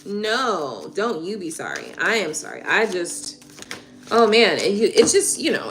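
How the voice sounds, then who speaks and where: A woman reading tarot on a livestream, chatting casually and warmly with viewers, laughing and getting emotional. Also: on the low side, big pitch swings, unhurried. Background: soft background music.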